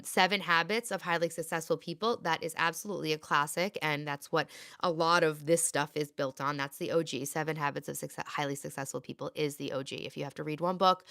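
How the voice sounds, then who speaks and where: A woman's voice: deep voice, gravelly, a bit bright. A woman in her late thirties, hosting a casual livestream and chatting and rambling as she reads viewer comments aloud. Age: 30s. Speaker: livestream host.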